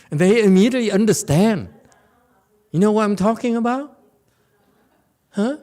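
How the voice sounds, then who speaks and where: A man's voice: high voice, lively intonation, slow, warm tone. Playful, teasing male Buddhist teacher. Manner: playful, teasing, laughs often, keeps asking "okay?". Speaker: Buddhist teacher giving a Dharma lecture. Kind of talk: informal Dharma talk. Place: temple lecture hall.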